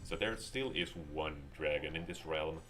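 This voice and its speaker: Deep-voiced sarcastic gaming commentator. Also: male voice, moderate pace, over music. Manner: sarcastic, joking. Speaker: game streamer. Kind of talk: casual gameplay commentary.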